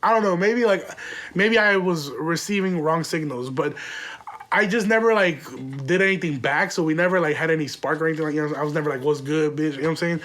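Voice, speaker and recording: High-voiced young man telling a story. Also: fast talker, fairly bright tone. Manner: profane, rambling, laughing often. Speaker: podcast host. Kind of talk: casual storytelling.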